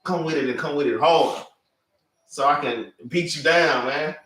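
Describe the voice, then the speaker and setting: A man preaches in a loose, animated classroom manner. His voice sits a little high and rings bright and forceful. The mic is set far off in an echoey room. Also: measured pace, slight background noise. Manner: animated, street-casual, keeps saying "man". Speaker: class teacher.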